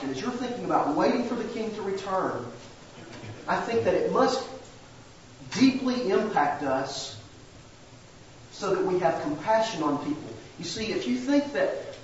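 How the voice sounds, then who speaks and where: A man's voice: sits high, slight background noise. A man preaching a sermon as a pastor, earnest and plain-spoken, with homey asides. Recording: very echoey church sanctuary, distant mic, dull.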